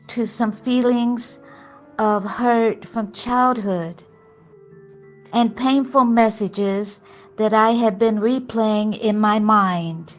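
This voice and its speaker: An older woman recounts a spiritual memory in a slow, earnest way. Her voice sits slightly high and unhurried. Quiet music plays faintly behind her. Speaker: spiritual storyteller. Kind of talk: reflective personal testimony.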